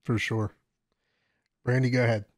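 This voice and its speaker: Male podcast host, relaxed and friendly, dry close sound. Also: mid-range voice, moderate pace, no echo. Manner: easygoing, laughs often. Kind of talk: casual chat.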